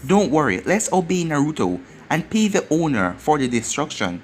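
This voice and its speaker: A man's voice: a little high, very animated, normal speed, a little hiss or hum. A man voicing a proud, scheming young woman ninja with a sly, self-righteous manner, over faint music.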